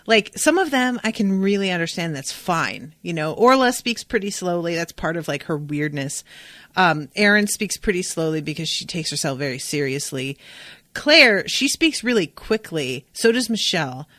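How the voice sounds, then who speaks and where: Woman host, fast casual episode recap, lots of swearing and asides, slightly low voice, dry recording. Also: dry recording. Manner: animated, profane, digressive. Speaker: podcast host.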